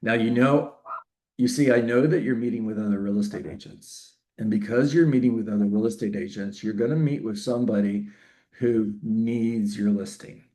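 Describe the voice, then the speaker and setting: Male real estate coach, lower voice, lively and interactive, teaching a live online group. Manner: energetic, interactive, repeats key phrases for emphasis. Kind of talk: live online training session.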